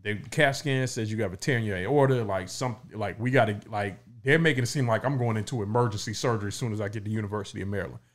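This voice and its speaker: A man's voice: on the low side, fast, hardly any pauses. A middle-aged man co-hosting a podcast, telling his story in a loose, casual way with the odd swear. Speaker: podcast co-host.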